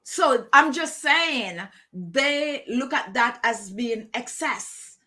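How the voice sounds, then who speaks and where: Bright high-voiced woman hosting a chat. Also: lively intonation, slow. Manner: chatty, repeats herself, laughs easily. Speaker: beauty channel host. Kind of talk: casual chat to viewers.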